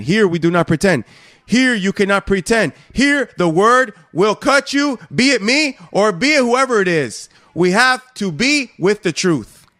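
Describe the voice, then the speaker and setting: Emphatic preacher man, higher voice. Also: no echo, clean studio sound. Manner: emphatic, swinging between soft asides and raised exhortations. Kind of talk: sermon.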